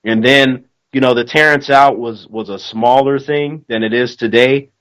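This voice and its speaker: Animated storytelling man. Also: medium pitch, normal speed, low-quality recording. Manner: animated storyteller, acts out quotes loudly. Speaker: co-host. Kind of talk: casual chat.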